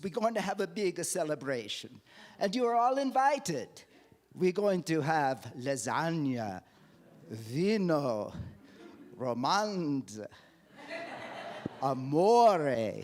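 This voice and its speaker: A man doing an exuberant Italian host with a put-on Italian accent, his voice set fairly high. He sings out his words slowly and with wide, lively swings of pitch, dropping Italian words as he goes. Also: full character voice. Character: jolly Italian man inviting all to a party. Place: church sanctuary.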